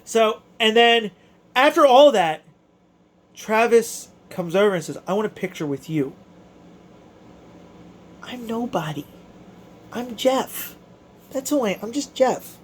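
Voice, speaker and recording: A man, an amateur boxer, excitedly recounting his fight in a casual, emotional way with stumbling restarts. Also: high voice, slow, long pauses, slight background noise. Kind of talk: casual storytelling to camera.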